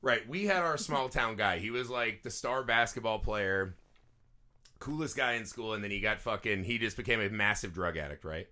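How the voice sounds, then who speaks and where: A man with a bright, forceful voice chats loosely on a movie podcast. He swears freely and laughs as he tells rowdy stories about growing up in a one-stoplight farm town. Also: fairly low pitch, moderate pace. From small farm town. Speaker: podcast co-host. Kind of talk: casual movie podcast chat.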